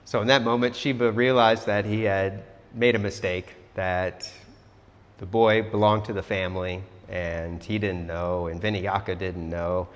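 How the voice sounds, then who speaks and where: Casual male storyteller-teacher, relaxed and chatty, low voice, long reverb. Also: unhurried. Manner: chatty, relaxed, says "like" a lot. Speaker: yoga teacher.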